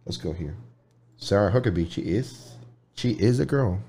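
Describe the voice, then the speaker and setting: A man hosting a casual talk show, rambling and halting with many fillers. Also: lowish voice, animated, warm tone, breathy edge. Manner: rambling, halting, lots of "you know". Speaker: host.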